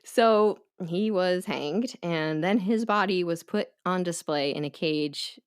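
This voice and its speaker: A woman hosting a podcast, telling a true story in casual chat with quick asides and frequent laughs. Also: lowish voice, smooth. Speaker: podcast host.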